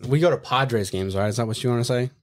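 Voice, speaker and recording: A former Marine telling crude boot camp stories in a profane, animated style on a casual podcast. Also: male voice, mid-range voice, fast talker.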